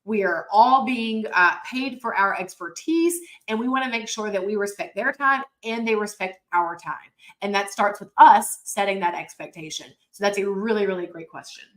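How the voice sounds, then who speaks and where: A woman's voice: medium pitch, normal speed, a bit bright, poor audio. A woman teaching a sales training webinar, talking with energy and emphasis in a coaching manner over a computer mic.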